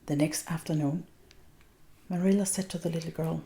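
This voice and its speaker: A woman with a Danish accent reading a children's story aloud in a soft, gentle ASMR voice, often half-whispered. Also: sits low, fairly even intonation, normal speed. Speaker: reader.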